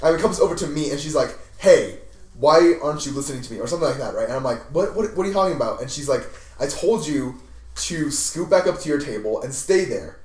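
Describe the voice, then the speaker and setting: A young man on a podcast casually telling a rambling story from his school days with an animated, joking manner. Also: on the high side, quick pace. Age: young adult. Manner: rambling, animated retelling with laughs. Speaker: podcast host. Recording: echoey room, mic at a distance.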